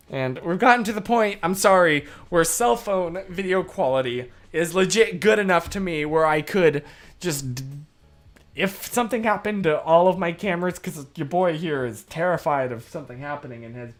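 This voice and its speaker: A man's voice: on the high side, normal speed, faint music behind. A man hosting a livestream in casual, earnest chat that rambles along with restarts. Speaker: livestream host.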